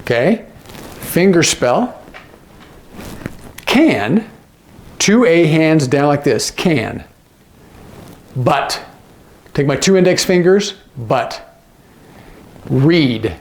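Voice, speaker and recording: A man's voice: fairly high pitch, very animated. A man teaching sign language phrases, patiently repeating each phrase and often checking in with the viewer. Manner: repeats phrases slowly, gloss by gloss. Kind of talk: instructional explanation.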